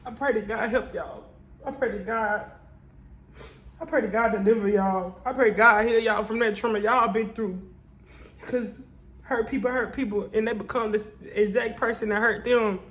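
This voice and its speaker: A woman's voice: on the high side, fairly even intonation, moderate pace, fairly bright tone, rough recording. A tearful woman vlogger talking to her viewers in an emotional confessional vlog, repeating herself in a prayerful, testifying way.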